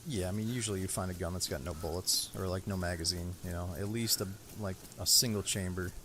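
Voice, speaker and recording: A man's voice: deep voice, fairly even intonation, quick pace, a bit bright, slight background noise. A man streaming a game live, chatting casually with viewers and a teammate in an easygoing, rambling way. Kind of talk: casual live-stream chat while playing.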